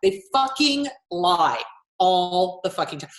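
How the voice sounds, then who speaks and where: A woman's voice: fairly low pitch, expressive, takes it slowly, a bit bright. Blunt, swearing woman therapist, echoey room. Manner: blunt, swears freely, acts out quotes. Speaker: therapist and author. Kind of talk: casual interview chat.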